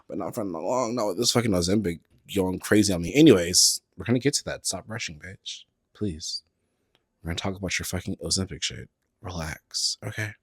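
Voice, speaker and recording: A sassy, animated man hosts a casual podcast, leaning hard on slang and swearing. His voice sits low and deep. The sound is dry and close, with no room around it. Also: normal speed, husky, no room sound. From San Francisco Bay Area. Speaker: podcast host. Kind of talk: casual solo podcast chat. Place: indoors at a table, on camera.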